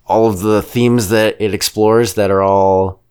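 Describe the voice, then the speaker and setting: A man with a very low, deep voice talks through a film in loose, casual podcast chat. He rambles from point to point, sharing blunt opinions and now and then dropping into quick impressions of characters. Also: fairly even intonation, a little mellow, clean tone. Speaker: podcast co-host reviewing a film.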